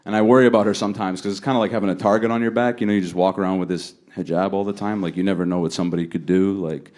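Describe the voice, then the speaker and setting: A man doing a stand-up set on a comedy stage, talking in a laid-back way and jumping high and loud when he acts out other people. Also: fairly even intonation, very fast. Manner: laid-back delivery, jumps high and loud for acted quotes. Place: comedy stage before a laughing audience.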